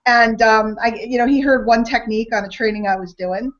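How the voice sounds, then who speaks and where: A woman's voice: a little high, fairly even intonation, fairly quick. A woman co-hosting a sales webinar in a gushing, chatty way, laughing often, over an online call. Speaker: webinar co-host. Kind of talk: upbeat sales webinar talk. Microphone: online call mic. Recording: dull lo-fi online call audio.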